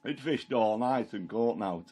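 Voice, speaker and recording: A man's voice: fairly low pitch, animated, unhurried, dark tone. Peter the fisherman, plain-spoken and chatty , played by a man, first-person monologue. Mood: solemn. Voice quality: homely dialect storytelling, plain and chatty. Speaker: Christian storyteller in character.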